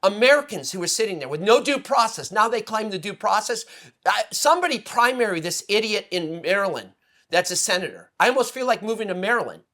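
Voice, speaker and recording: A man's voice: sits high, very animated, brisk. Emotional, rambling male political guest. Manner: emotional, rambling, swings between loud and hushed. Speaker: guest commentator. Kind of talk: impassioned political commentary.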